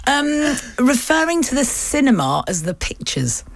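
A woman hosting a talk show, playful and brisk as she quizzes her guests. Her voice has a gravelly texture and moves around a lot in pitch. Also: sing-song, no room sound. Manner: playful, brisk quiz-master. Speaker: host. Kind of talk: casual radio talk hosting.

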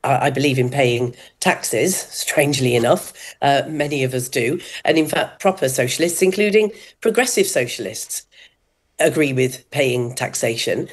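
A woman speaking as a guest on a talk radio show, earnest and indignant, with a slightly halting delivery. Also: a bass voice, slightly rough.

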